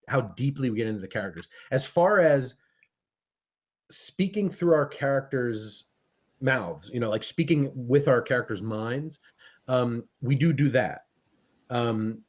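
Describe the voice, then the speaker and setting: Rambling man on a lo-fi stream. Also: mid-range voice. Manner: rambling, self-correcting storyteller. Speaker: podcast co-host and game master. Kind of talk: casual live-stream chat. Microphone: webcam stream. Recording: dull lo-fi webcam audio.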